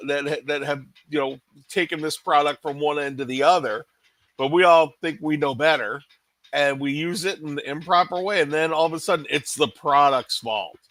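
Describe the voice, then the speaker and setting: A man's voice: a little high, fairly bright tone, no room sound. A man co-hosting a salon industry podcast, ranting in casual chat with frequent restarts. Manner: ranting, many restarts and "you know". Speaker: podcast co-host.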